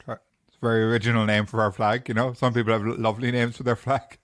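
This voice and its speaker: Dry-voiced Irish podcast host. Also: male voice, mid-range voice, level tone, fast, dry recording. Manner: quizzing friends, dry and teasing. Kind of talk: casual chat.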